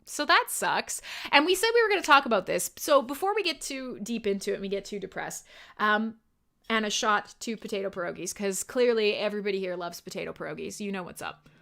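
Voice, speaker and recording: A woman's voice: mid-range voice, expressive, brisk, creaky, fairly bright tone. A woman hosting a live internet radio show, chatting casually with listeners, laughing often and swearing freely. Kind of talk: casual live-stream chat.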